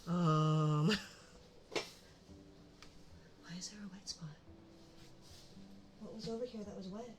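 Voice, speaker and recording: Young woman, live-stream host, rambling, self-mocking, talking to herself at home desk, clear background noise. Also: lowish voice, slow pace, long pauses. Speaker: livestream host. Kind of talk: casual live-stream chat while setting up. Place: home room at her desk.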